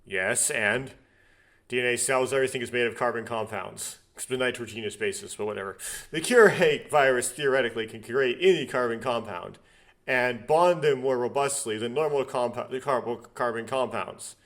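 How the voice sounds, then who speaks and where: A young man working through a visual novel, reading its lines aloud in a steady middle voice. He keeps stopping for rambling, nitpicking asides that carry a dry sarcastic edge. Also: medium pitch, moderate pace. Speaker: let's play host. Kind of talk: reading a game's text aloud with commentary.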